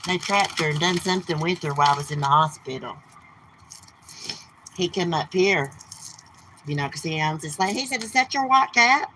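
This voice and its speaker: On a casual live stream outdoors near her home, a middle-aged woman chats bluntly and gossips, cussing and using Southern turns of speech. Her voice sits low and a bit bright, at normal speed with long pauses, on a low-quality recording with slight background noise.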